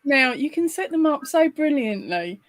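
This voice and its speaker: Playful woman, slightly high voice. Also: big pitch swings, normal speed. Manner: playful, teasing, laughs along. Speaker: livestream co-host. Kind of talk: casual livestream chat.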